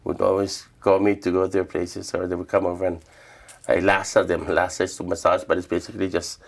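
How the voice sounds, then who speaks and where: A middle-aged man from the Northern Mariana Islands telling stories in an interview, relaxed, acting out the voices he quotes. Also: low-pitched, a little fast, vocal fry. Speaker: humanities awardee, traditional healer. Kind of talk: interview storytelling.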